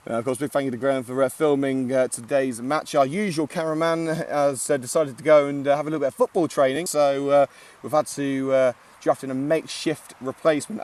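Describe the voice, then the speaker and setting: A man's voice: medium pitch, steady tone, moderate pace, darkish tone, recorded from a distance. A man giving casual live commentary at an outdoor football ground, chatty and joking with lots of filler "uh"s. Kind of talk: live amateur match commentary.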